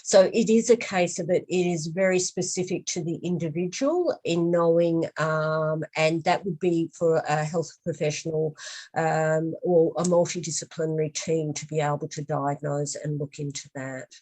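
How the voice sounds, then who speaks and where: Woman, webinar presenter, lowish voice, halting, many ums, anecdotal. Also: steady tone, a little mellow, poor audio. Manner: hesitant, frequent ums and restarts, anecdotal. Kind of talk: webinar talk answering questions.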